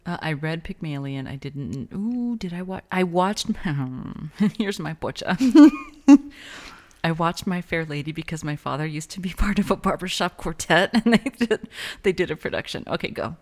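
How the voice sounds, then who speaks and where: Deep-voiced american woman cohost, laughs a lot, chatty. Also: expressive, moderate pace. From United States. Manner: laughs easily, thoughtful. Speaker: podcast co-host. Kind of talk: casual chat.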